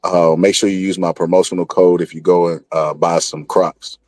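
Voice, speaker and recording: A man with a fairly low voice hosts a live online talk stream, needling his co-host and spinning a joke story. The sound is close and dry, with no room echo. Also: flat delivery, moderate pace, darkish tone. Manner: joking, teasing, storytelling with put-on voices. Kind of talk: casual trash-talk banter.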